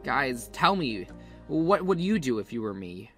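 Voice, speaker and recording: A man's voice: medium pitch, big pitch swings, unhurried, sharp tone. A man telling a first-person story as scripted, earnest confessional narration. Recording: faint music behind the voice.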